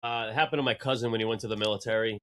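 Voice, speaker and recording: A man with a lowish voice and a Boston accent rambles in casual podcast talk. He fills his thoughts with "like" and "uh," swearing easily. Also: fairly even intonation, racing, a bit bright. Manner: laid-back, rambling with fillers. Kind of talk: casual profane chat.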